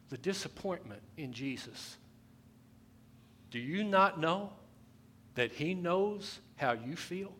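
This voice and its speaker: A man preaching a sermon in church, his voice bright and a touch higher than most men. He repeats key phrases for weight and builds to loud, pressing bursts before dropping back down. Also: lively intonation, unhurried, slight background noise. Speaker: pastor. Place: church sanctuary.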